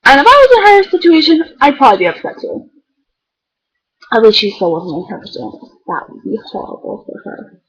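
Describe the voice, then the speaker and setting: A woman's voice: high-pitched, wildly swooping pitch, fairly quick, husky, poor audio. A teenage girl chatting casually to the camera, rambling and filling her talk with "like". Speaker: beauty vlogger. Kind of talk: casual chat.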